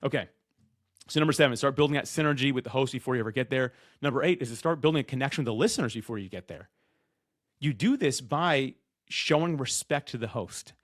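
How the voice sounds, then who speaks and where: A man who talks loud and fast, coaching people on being podcast guests in an energetic, direct-to-camera way, often acting out what guests and hosts say. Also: medium pitch, no echo, studio quality.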